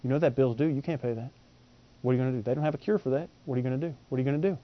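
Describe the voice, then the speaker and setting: Man doing a hushed, low-pitched taunting devil; nagging, repetitive. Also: rapid-fire, close to an everyday voice. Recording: dull, lo-fi and dry.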